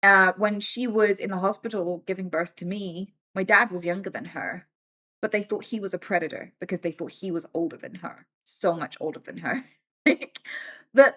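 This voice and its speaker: A woman in her thirties talking casually on a live stream, animated and swearing freely. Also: medium pitch. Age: 30s. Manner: animated and swearing, acts out quoted voices.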